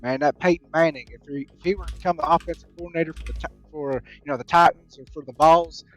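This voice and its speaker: A man's voice: a little high, fairly even intonation, quick pace, a bit bright, close to an everyday voice, rough recording. A man doing an East Tennessee football fan. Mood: excited. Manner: rising, question-like lilt.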